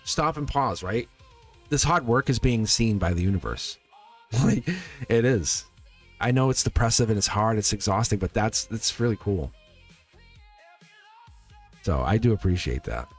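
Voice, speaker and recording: A man's voice: lowish voice, lively intonation, unhurried, pauses often. A man hosts a live tarot stream, talking in a loose, rambling way that keeps circling back to reassure his viewers. He checks in with the audience over and over. Faint music plays underneath his voice. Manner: loose, rambling, encouraging, often checking in with "right?". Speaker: tarot reader and channel host.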